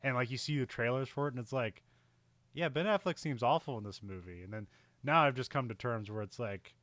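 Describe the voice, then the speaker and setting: A man's voice: medium pitch, fairly quick, no echo. A man co-hosting a casual film podcast, rambling through his thoughts and laughing often. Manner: rambling, laughs often, animated when excited. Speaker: podcast co-host.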